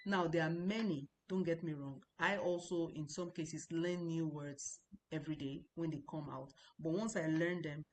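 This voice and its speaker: A woman giving an informal language lesson, repeating syllables slowly to model their tones. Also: deep voice, slight background noise. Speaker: language teacher.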